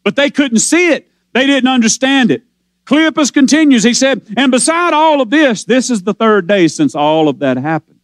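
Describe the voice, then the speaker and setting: A man preaching a sermon, explaining scripture with rising passion and drawn-out quotes. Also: very high voice, very animated, dry recording. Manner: impassioned preaching, slows and swells on scripture quotes.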